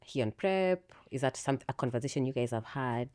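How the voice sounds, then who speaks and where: A woman hosting a health podcast who asks questions and keeps up steady, encouraging "mm-hmm" replies. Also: a bass voice, brisk, clean tone. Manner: encouraging, constant "mm-hmm" backchannels. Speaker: podcast host. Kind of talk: interview conversation.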